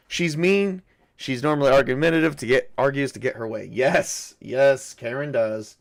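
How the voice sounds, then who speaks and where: A man's voice: medium pitch, moderate pace, gravelly. A man running a solo tabletop game, thinking aloud in a rambling, self-correcting way. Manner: rambling, self-correcting, chuckles at own jokes. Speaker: game master.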